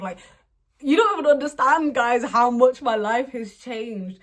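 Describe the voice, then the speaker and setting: A young woman chatting casually while doing her makeup at home, laughing often and breaking into playful bursts of excitement. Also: fairly high pitch, unhurried. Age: young adult. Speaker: beauty vlogger. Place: home room, indoors.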